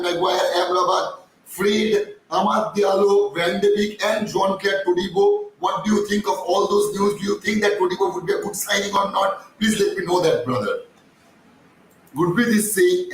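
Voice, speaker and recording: A high-pitched man hosts a live stream, his voice hoarse and strained. He rambles casually with lots of fillers and restarts as he answers viewers. He sits well back from the mic in a very echoey room with faint background hiss. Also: recorded from a distance. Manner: chatty, reads viewer comments, many fillers and restarts. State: strained, croaking voice.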